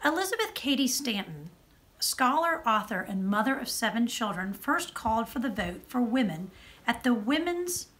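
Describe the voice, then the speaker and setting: A woman judge reading a children's book aloud with expressive storytelling. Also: a little high, normal speed. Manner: expressive storytelling, softer on narration tags.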